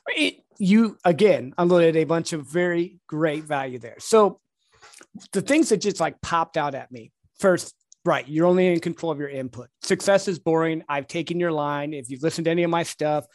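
A man's voice: a little high, normal speed, dry recording, studio quality. A man hosting a podcast, talking in a chatty, agreeable way and reflecting back what his guest said. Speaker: podcast host. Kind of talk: casual podcast conversation.

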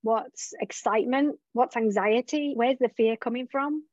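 Her voice sits on the high side with a darkish tone and a measured pace, with no echo, as this woman business coach gives a candid conversational interview. She reflects openly on her journey, often saying her past thoughts aloud, captured on a dull, dry lo-fi recording.

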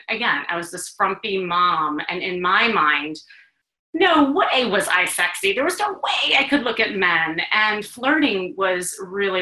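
A woman from Chicago hosts a talk, sharing her own story in an animated, confiding way. Her voice is bright and forceful, at a middling pitch for a woman. The sound carries a roomy echo. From Chicago, USA. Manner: animated, confiding, with frequent laughs and restarts. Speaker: host, dating coach. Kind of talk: personal storytelling to an audience of women.

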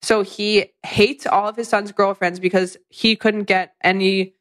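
A woman's voice: medium pitch, flat delivery, measured pace, a bit bright. A young woman co-hosting a podcast, blunt and sarcastic in casual chat. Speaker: podcast co-host.

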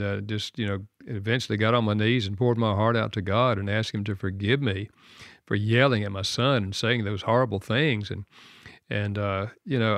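An older man talks in a low, earnest voice, sharing a heartfelt story on a radio talk show. He speaks softly and laughs at himself now and then. The studio sound is dry and close. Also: dry recording. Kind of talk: conversational storytelling.

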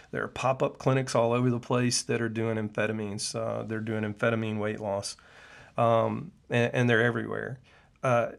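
A middle-aged functional medicine clinician who hosts his own podcast delivers an earnest, preachy personal monologue, dropping frequent "uh" fillers. He has a mid-range voice with vocal fry.

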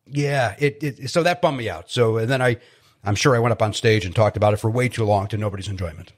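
A man's voice: lowish voice, quick pace. A man from Chicago, a stand-up comedian, chatting as a guest in a rambling, self-deprecating way. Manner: rambling, self-deprecating, repeats words when starting. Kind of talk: casual interview chat.

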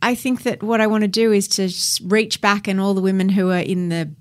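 A woman's voice: mid-range voice, fairly even intonation, brisk. A middle-aged woman co-hosting a casual podcast, talking in a reflective, easygoing way. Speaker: podcast co-host.

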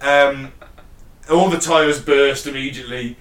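A man's voice: medium pitch, a little slow, fairly bright tone, far from the mic. Laughing, rambling man, off-mic. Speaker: podcast co-host. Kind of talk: casual chat. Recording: roomy sound, off-mic.

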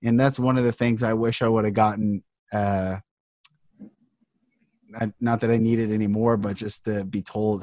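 A man's voice: fairly low pitch, flat delivery, normal speed, a little mellow, no echo, clean studio sound. A man hosting a podcast, speaking earnestly and with passion in a heartfelt conversation. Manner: earnest, impassioned. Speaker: podcast host.

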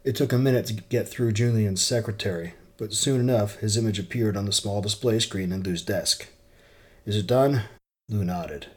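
Male story narrator, low voice, plain and steady delivery. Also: normal speed, hardly any pauses. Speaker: audiobook narrator. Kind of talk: reading a story aloud.

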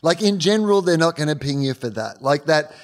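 A man's voice: fairly high pitch, expressive, a little fast. An Australian man co-hosting a casual sports podcast, riffing wryly and laughing. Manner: wry joker who riffs and laughs. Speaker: podcast co-host.

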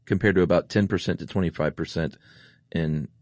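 A man's voice: sits low, fairly even intonation, fairly quick, darkish tone, dry recording, clean studio sound. A man, chatting casually as a podcast co-host and telling jokey stories. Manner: laid-back, jokey storyteller. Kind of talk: casual conversational chat.

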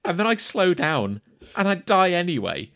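A man's voice: high-pitched, very animated, normal speed, a bit bright. A man co-hosting a casual podcast chat, telling a story with self-mocking animation. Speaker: podcast co-host.

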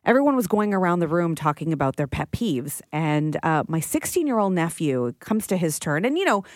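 A woman's voice: deep voice, sing-song, brisk, no echo, clean studio sound. A woman co-hosting a podcast, chatting and telling stories with frequent laughs. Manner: chatty storyteller, laughs often. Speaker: podcast co-host. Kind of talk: casual chat.

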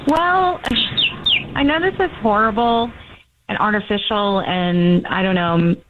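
A woman's voice: medium pitch, a little slow. A woman on a phone call with a radio show, hesitant but blunt. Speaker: phone guest. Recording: noisy phone line.

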